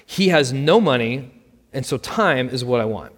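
A man voicing a bitter, sharp-tongued mother in a custody fight, speaking emphatically and snapping in a storybook reading, with long hall reverb. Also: mid-range voice, lively intonation, normal speed, husky.

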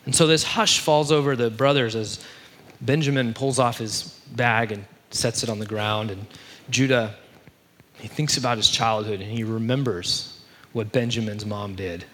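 A man's voice: medium pitch, steady tone, moderate pace, a bit bright, a little hiss or hum. A young man retelling a story in a sermon, casual and conversational, peppered with fillers. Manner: conversational, many fillers like "like" and "you know".

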